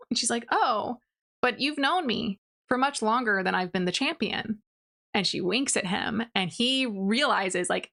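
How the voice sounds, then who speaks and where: A young woman giving a casual rant review of a novel, retelling the plot in a chatty way with lots of "like" and quick acted-out quotes. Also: mid-range voice, creaky, bright, forceful tone. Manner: chatty, many "like"s, acts out quotes in passing. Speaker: book reviewer.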